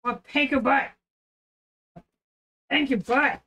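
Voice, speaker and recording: A woman's voice: sits high, steady tone, takes it slowly, pushed and bright, husky. A woman streaming live, chatting casually with viewers and cooing baby talk at her dog. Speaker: game streamer.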